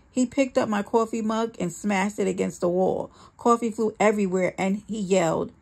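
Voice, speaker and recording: Brief: a woman of medium pitch with a gravelly voice, reading a memoir steadily in the first person. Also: steady tone, normal speed. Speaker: memoir reader.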